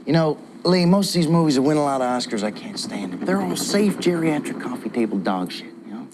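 A man's voice: fairly high pitch, lively intonation, a little fast, noisy background. An actor playing a brash young movie-buff man, blunt, swaggering and profane, in a film clip. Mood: boastful. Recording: film clip with loud score.

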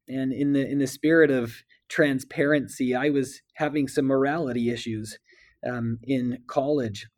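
A man speaks with earnest feeling, often pausing and restarting his sentences. His voice sits in a middle pitch, and he talks like a guest reflecting on scripture in a podcast conversation. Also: steady tone, darkish tone. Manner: earnest, emotional, halting with restarts. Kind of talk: heartfelt scripture discussion.

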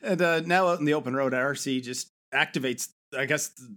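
A man's voice: mid-range voice, brisk, bright, forceful tone. A man co-hosting a podcast, casually retelling an episode's plot and laughing often along the way. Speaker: podcast co-host. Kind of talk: casual show recap chat.

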